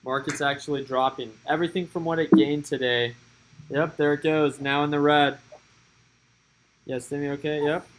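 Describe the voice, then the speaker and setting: A man's voice: on the high side, rough recording. A man giving casual live-stream commentary on stock market moves, chatty and thinking aloud as he watches the charts.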